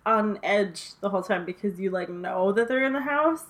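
A young woman in casual chat about horror films, animated, swearing freely and using lots of fillers. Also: mid-range voice, moderate pace.

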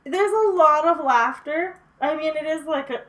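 Slightly bright and sitting high, this woman's voice moves at a moderate pace. As a podcast co-host who's had a few drinks, she rambles about a horror movie, swears, laughs a lot, and fills her speech with "like."

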